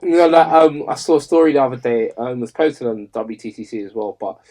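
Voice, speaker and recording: A man's voice: medium pitch, quick pace. A man, a podcast co-host in casual chat, telling an anecdote animatedly. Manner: animated storyteller, acts out voices in anecdotes.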